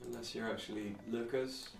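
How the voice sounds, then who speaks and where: A man's voice: mid-range voice, fairly even intonation, fairly quick, vocal fry. A man streaming a video game, chatting casually with dry, sarcastic muttered asides. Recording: roomy, distant mic, faint music.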